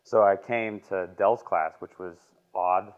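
A man in his twenties giving a halting, emotional personal testimony as a lay preacher in a church classroom. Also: low voice, fairly even intonation, smooth. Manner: halting, emotional, filler-heavy. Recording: muffled lo-fi recording.

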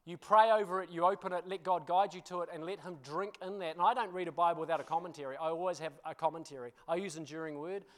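A man with a fairly high voice preaches to his congregation. He tells stories in an animated, self-deprecating way, laughing at himself, and keeps checking in with his listeners. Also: fast talker, few pauses. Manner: addresses congregation with frequent "you know" and "hmm?". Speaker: pastor. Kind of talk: storytelling sermon.

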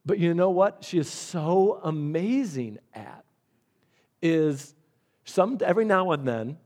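Guy preaching a chatty sermon, voice a bit on the high side. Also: lively intonation, takes it slowly, a little mellow. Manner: conversational preaching with repeated words and demonstrations. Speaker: pastor.

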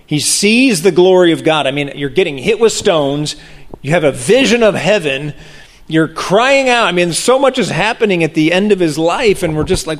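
A man preaching a sermon, animated and expressive, acting out the voices of people in the story. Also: normal speed. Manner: animated, acts out voices of the crowd with big pitch jumps.

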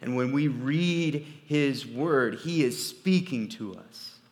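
A man preaching a sermon as pastor, swinging from quiet, low asides to loud, emphatic peaks. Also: takes it slowly. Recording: long reverb of a large hall.

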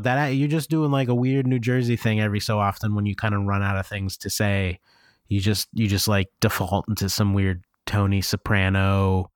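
A man's voice: on the low side, level tone, moderate pace, smooth, no room sound, studio quality. A man from Scranton, Pennsylvania, co-hosting an improvised comedy podcast, teasing and needling his partner. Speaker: podcast co-host.

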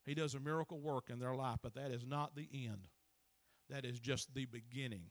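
A man's voice: mid-range voice, normal speed, dry recording. A man, preaching a folksy sermon that rises into emphatic bursts. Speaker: pastor.

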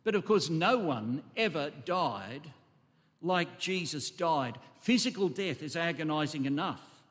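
A man's voice: on the high side, animated, a little slow, fairly bright tone. A man preaching an expository sermon, emphatic and full of rhetorical questions and asides to his congregation. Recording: long echo of a large hall.

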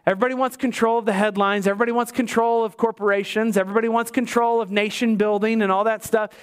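A man with a notably high voice preaches in a church. His delivery swings between emphatic peaks and quiet low drops. He throws in wry jokes to the congregation. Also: fast, smooth. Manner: lively preaching, rising to emphatic highs and dropping low; joking asides to the congregation. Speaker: pastor. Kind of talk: sermon.

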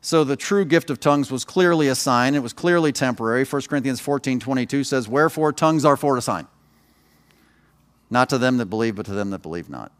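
A man's voice: mid-range voice, brisk, smooth. A man, a pastor, preaching a sermon in a conversational way, with personal stories and joking asides to the congregation.

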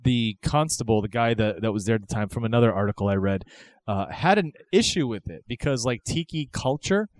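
A man's voice: medium pitch, lively intonation, brisk. A man hosting a casual podcast, rambling and speculative, often asking if you follow him. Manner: rambling, speculative, keeps asking "you know what I mean". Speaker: podcast host. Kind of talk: casual chat.

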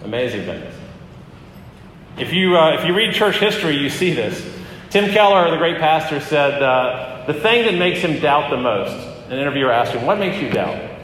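A man's voice: fairly high pitch, big pitch swings, moderate pace, fairly bright tone, slight background noise. Man preaching in an echoey hall. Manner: conversational preaching with frequent fillers and restarts. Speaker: pastor. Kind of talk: sermon. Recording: echoey hall with long reverb.

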